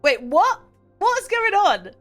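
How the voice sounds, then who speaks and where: A woman's voice: very high voice, very animated, slow pace, fairly bright tone, faint music behind. A woman streaming a game, reading its text aloud and reacting with mock indignation.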